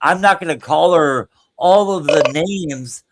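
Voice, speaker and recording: A man with a somewhat raised voice, talking in a halting, filler-heavy way. He challenges a guest in a calm, mildly baffled tone during a casual live stream chat. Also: a little high, background noise. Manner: hesitant, full of "uh", calm reproach.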